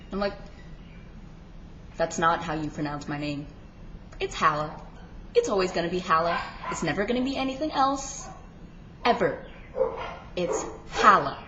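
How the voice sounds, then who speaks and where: A woman's voice: mid-range voice, bright, forceful tone, a little hiss or hum. A teenage girl chatting casually in a home vlog, sarcastic and rambling, with lots of filler words. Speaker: vlogger. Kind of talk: casual pet peeves vlog. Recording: echoey room, dull lo-fi sound.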